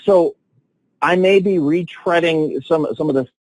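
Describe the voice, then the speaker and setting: A man coaching salespeople on a training call, telling stories with excitement and lively swings in his voice. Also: on the high side, unhurried, no echo, low-quality recording. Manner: enthusiastic, animated storytelling with big swings.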